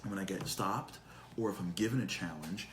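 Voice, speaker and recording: A man teaching a live online class, animated and full of rhetorical questions, quoting and translating Hebrew texts. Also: low voice, brisk, slight background noise, low-quality recording. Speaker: Torah teacher.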